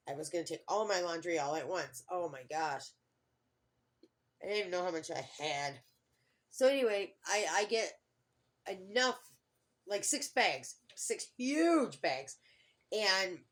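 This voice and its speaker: A middle-aged woman talks straight to her viewers in a loose, rambling vlog. Her voice sits a little low, and she keeps restarting sentences, circling back with fillers as the story spills out. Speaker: vlogger.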